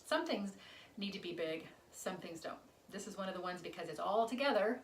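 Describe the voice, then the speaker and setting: A woman's voice: medium pitch, lively intonation, brisk, a little hiss or hum. A woman casually teaching chorus choreography, chatting and half-singing lyrics as she demonstrates moves. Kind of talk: casual dance instruction. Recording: roomy, recorded from a distance.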